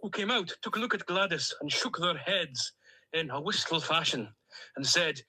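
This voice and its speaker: A man's voice: on the high side, animated, moderate pace, sharp tone, slightly rough, exaggerated voice, low-quality recording. A man voicing a chatty plastic male duck with a Stornoway accent, who tells long, jolly, rambling stories in a comic voice-note monologue. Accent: Scottish, Stornoway.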